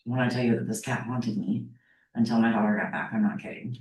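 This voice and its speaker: A middle-aged woman with a bass voice and darkish tone teaches psychology at a brisk clip, her intonation fairly even. Her style is chatty and story-driven, with frequent check-ins with the class. There's slight background noise, and the echoey classroom is heard from a distance.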